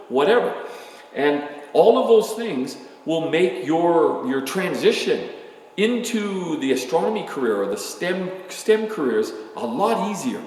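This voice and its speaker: An older man in his sixties speaks to students in a candid, rambling, self-deprecating way, his voice rising and falling with lively swings. He sounds somewhat high for a man and is picked up from a distance in a large room that echoes strongly with a long, trailing reverb. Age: 60s. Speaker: astronomer giving a talk. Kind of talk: informal talk to students. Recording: echoey hall from far off.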